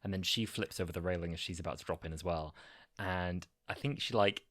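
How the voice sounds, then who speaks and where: A man, co-hosting a casual podcast chat, animated and quick to laugh. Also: low voice, no echo, studio quality. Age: 20s. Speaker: podcast co-host.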